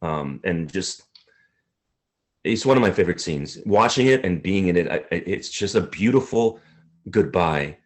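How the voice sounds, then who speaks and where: A male actor being interviewed, speaking earnestly and haltingly. He tends to get emotional as he talks. His voice sits fairly low. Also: animated.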